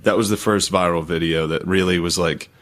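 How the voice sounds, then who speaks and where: A man's voice: deep voice, steady tone, a little fast, a bit bright. A young man co-hosting a comedy podcast, rambling through profane stories with lots of fillers. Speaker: podcast co-host. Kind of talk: casual comedy chat.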